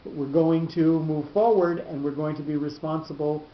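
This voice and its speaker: A man leads a Torah class with a slightly high voice, explaining step by step and often repeating words as he gathers his thoughts. The room is echoey, the sound is dull, and a faint rumble sits underneath. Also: little pitch movement, moderate pace.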